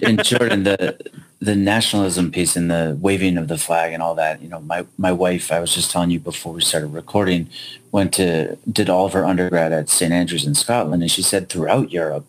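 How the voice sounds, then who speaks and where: A man's voice: low voice, fairly even intonation, moderate pace, slight background noise, poor audio. A man who teaches history, speaking as a podcast guest in an earnest, emphatic way. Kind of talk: casual podcast discussion.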